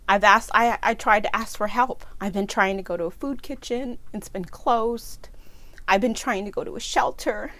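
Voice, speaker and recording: A woman's voice: a little high, a bit bright, no room sound. Tearful woman telling a personal story. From California. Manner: emotional, breaks into tears and apologizes while telling the story. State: tearful, voice breaking. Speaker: nonprofit founder and vlogger.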